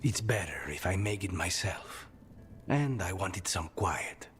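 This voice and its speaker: An actor playing a quiet, guarded man in a fantasy video game, speaking in a reserved, soft-spoken way. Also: low voice, expressive, a little slow. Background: game music.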